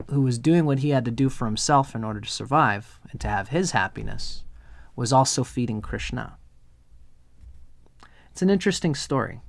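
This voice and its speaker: A man's voice: medium pitch, creaky, no room sound. A man giving a live astrology chart reading, earnest and meandering, drifting into storytelling.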